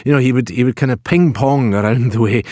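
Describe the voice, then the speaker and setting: An older man from Scotland with a Scottish accent, a guest on an interview show who tells long anecdotes, chuckling now and then and trailing off quietly at the ends of thoughts. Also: mid-range voice, fast talker, no echo. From Pitlochry, Scotland. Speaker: guest, former colleague. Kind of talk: storytelling interview talk.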